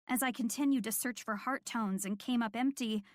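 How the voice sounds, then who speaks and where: A woman reading a first-person audiobook in a calm, measured, clear voice. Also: a little high, no echo, clean studio sound. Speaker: audiobook narrator.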